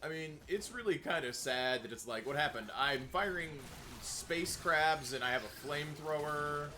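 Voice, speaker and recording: A man's voice: fairly high pitch, expressive, normal speed, slight background noise. A man casually chatting while playing a video game with a friend, wryly explaining the game's story. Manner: wry, explains game lore at length. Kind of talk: casual gaming chat.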